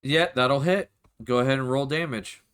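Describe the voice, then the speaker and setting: A man running a tabletop role-playing game as game master, narrating attacks and rolls in a casual, unhurried way and swearing when flustered. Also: mid-range voice, a bit bright, clean tone.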